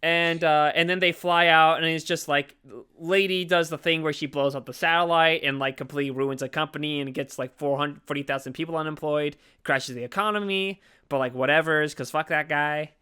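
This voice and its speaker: A man's voice: a little high, steady tone, brisk, few pauses, bright, forceful tone, smooth. A man co-hosting a podcast, casually recapping a movie plot in a rambling way, full of fillers and acted-out quotes. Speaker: podcast co-host.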